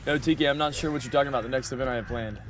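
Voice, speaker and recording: A man's voice: mid-range voice, very fast. Chatty male streamer talking to chat. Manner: chatty, talks back to chat, repeats himself. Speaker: livestreamer playing a game. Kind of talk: casual livestream chat.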